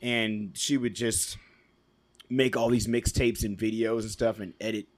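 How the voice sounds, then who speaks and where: A man's voice: on the low side, fairly even intonation, a little slow, no room sound. A man being interviewed on a casual podcast, telling long loose stories about his past with frequent laughs and plenty of "you know" and "like.". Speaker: podcast guest, DJ.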